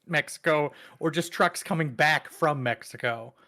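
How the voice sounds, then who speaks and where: A man's voice: a little high, normal speed, pushed and bright. Teasing, jokey man on a podcast. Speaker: podcast co-host. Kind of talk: casual chat.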